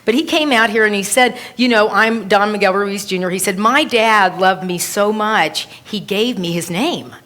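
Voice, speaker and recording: Animated woman minister preaching. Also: mid-range voice, moderate pace, few pauses. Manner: animated storytelling, quoting others. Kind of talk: sermon. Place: church service with a congregation.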